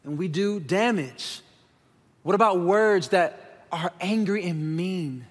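A male pastor with a fairly high voice delivers a frank, talky sermon in a church sanctuary. His voice trails off into a long hall reverb. He speaks to the congregation directly and casually. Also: slow pace. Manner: conversational and candid, addressing the congregation as y'all.

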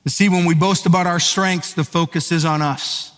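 Male pastor, conversational sermon delivery, slightly high voice. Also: steady tone, moderate pace, a bit bright, faint music behind. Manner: conversational storytelling, asks the audience questions. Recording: echoey hall.

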